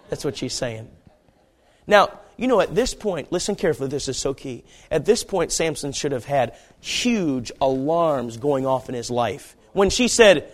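A man preaching a fiery sermon, dropping to hushed murmurs and then shouting pleas as he acts out the story. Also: medium pitch, animated, unhurried. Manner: acts out Bible characters with voices.

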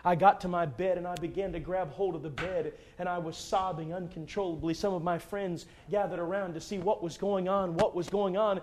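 Fervent middle-aged preacher. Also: male voice, high voice, fairly even intonation, a little fast, few pauses. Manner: fervent, dynamic swings from hushed to shouting. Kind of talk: sermon with altar call.

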